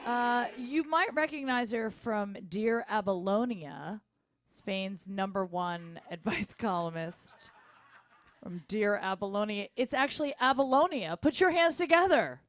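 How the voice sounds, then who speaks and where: A woman's voice: mid-range voice, lively intonation, a little slow. Woman introducing the next comic. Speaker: show host.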